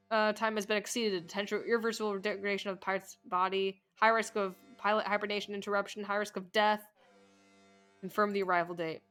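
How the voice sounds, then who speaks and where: During a live playthrough, a woman with a medium-pitched, slightly bright voice reads all of the game's text aloud. She swears and laughs at the story as she goes.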